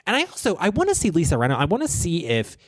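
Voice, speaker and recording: A man's voice: fairly high pitch, wildly swooping pitch, fast, no room sound, clean studio sound. A man from Baltimore hosting a podcast, recapping reality TV in a gossipy, profane way. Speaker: podcast host. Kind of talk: casual chat. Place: small podcast studio.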